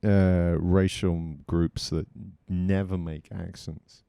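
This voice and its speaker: Man, very low voice, deadpan podcast quips, dark tone. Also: slow, gravelly, smooth, dry recording, studio quality. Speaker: podcast co-host. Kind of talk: casual comedy podcast chat.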